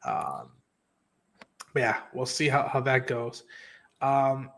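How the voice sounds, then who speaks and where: A man's voice: mid-range voice, slow pace. A man hosting a casual review stream, talking animatedly with plenty of swearing. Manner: animated, profane, acts out quotes. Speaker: stream host. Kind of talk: casual spoiler review chat.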